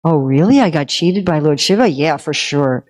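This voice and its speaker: A woman's voice: low voice, lively intonation, moderate pace, a little mellow, big-room sound. A woman voicing a foolish, greedy male demon who trusts too easily and speaks with eager naivety.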